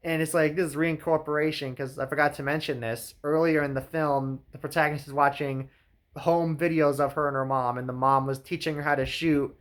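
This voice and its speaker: A man's voice: on the high side, steady tone, fairly quick, a bit bright. A man giving a sarcastic comedic recap of a film, wry and full of "like" fillers. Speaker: movie reviewer.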